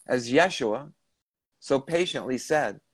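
Recounting a channeling session, a male podcast host tells the story earnestly in a mid-range voice that is expressive, slow, fairly bright and a little breathy. The recording is dry and echo-free, and he keeps rephrasing his questions as he goes.

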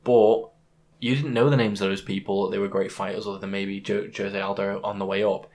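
A man's voice: fairly low pitch, flat delivery, fairly quick, a little mellow. A man co-hosting a podcast, talking casually about fights and making emphatic points with examples. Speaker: podcast co-host. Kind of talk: casual MMA chat.

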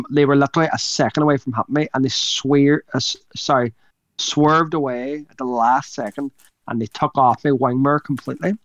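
A man's voice: on the high side, fairly bright tone, dry recording. Man, casual podcast co-host, rambly and sweary, dry dull-sounding recording. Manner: rambling, sweary, laughs mid-sentence. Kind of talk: casual storytelling chat.

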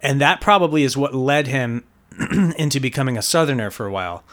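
A man's voice: mid-range voice, lively intonation, a little fast, a bit bright. A man hosting a casual comedy podcast, introducing clips and laughing along. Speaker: podcast host.

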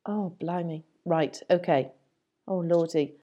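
A woman's voice: lowish voice, lo-fi sound. A woman co-hosting a podcast, chatting casually and joking at her own expense as she answers a quiz. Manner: lively, self-mocking, quick to laugh along. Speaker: podcast co-host. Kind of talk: casual chat.

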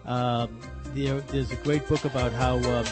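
A man hosting a talk radio show, reading a review aloud and chatting with halting fillers. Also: mid-range voice, little pitch movement, over music.

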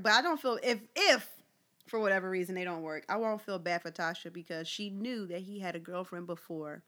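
A woman co-hosting a casual podcast, talking with a friend. Her voice is bright and crisp. She is animated and laughs easily, and her pitch jumps up high when she gets excited. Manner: animated, laughs a lot, quick swings up in pitch. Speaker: podcast co-host. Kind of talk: casual chat.

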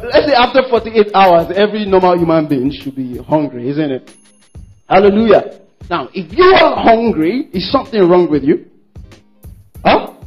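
High-voiced, husky, emphatic male preacher. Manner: emphatic, repeats phrases, calls for congregation responses; acts out worshippers' quoted words in shifting voices. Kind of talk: sermon. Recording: dull lo-fi sermon recording with faint music.

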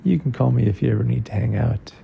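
A man's voice: mid-range voice, quick pace, gravelly, dull audio, a little hiss or hum. A man voicing a sly, easygoing cartoon rabbit in a bedtime story, teasing and laid-back.

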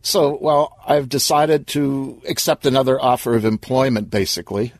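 A man's voice: mid-range voice, fairly even intonation, moderate pace, dry recording, pitched above the performer's own voice, close to an everyday voice. A man voicing a laid-back young gamer in an audio story, casual and offhand.

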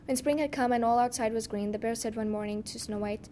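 A woman reads a fairy tale aloud at a steady, measured pace. Her voice sits fairly high, with a faint low rumble behind it. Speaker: narrator.

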